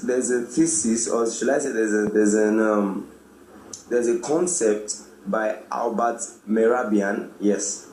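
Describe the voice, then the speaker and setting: A man, presenting a radio talk on communication and acting out the greetings he quotes. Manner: animated, acts out quoted greetings with rising pitch. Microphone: studio microphone. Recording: echoey room, faint background noise.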